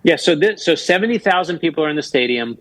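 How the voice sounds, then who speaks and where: A man in his fifties, a guest author telling stories on a radio talk show with animated energy and quick restarts. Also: a little high, no echo, low-quality recording. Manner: animated, fast storytelling with restarts.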